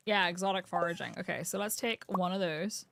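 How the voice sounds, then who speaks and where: A woman streamer from the UK chatting casually while she plays, thinking aloud and cooing brightly at the game's animals. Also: lowish voice, a little fast, gravelly, no echo. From United Kingdom. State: has the hiccups. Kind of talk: casual live-stream gameplay chat. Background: game music.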